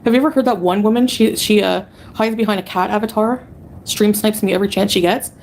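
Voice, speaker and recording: A woman's voice: mid-range voice, fairly even intonation, fast talker, a little mellow, slight background noise. A woman ranting on a livestream, angry and mocking as she answers her chat. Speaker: streamer being reacted to. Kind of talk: heated livestream rant.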